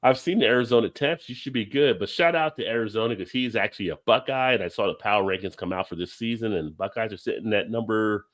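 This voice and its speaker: A middle-aged man from New Jersey co-hosting a casual livestream, reading comments and ranting with big jumps in pitch. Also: fast talker, hardly any pauses. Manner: animated, jumps high in pitch when ranting. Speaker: livestream co-host.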